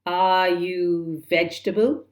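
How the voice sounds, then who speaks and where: Storybook pirate captain, blustering and furious, loud and slow, put on by a woman narrator. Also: fairly low pitch, steady tone. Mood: puzzled.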